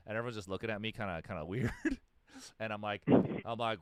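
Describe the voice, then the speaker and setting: A man's voice: on the low side, lively intonation, quick pace, smooth, no echo, studio quality. A man, a musician guest in a casual interview, telling stories in a rambling way with lots of fillers and restarts.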